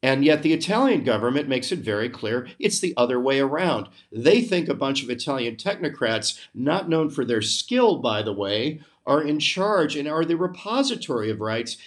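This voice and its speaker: A man's voice: medium pitch, sing-song, moderate pace, few pauses. Indignant American man ranting. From United States. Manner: emphatic, indignant, sarcastic. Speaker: podcast host. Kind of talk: opinion monologue.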